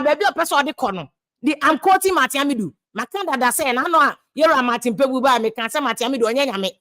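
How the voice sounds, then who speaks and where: A woman's voice: high voice, fairly bright tone. A woman with a Ghanaian accent giving passionate political commentary, switching between English and Twi and repeating words for emphasis.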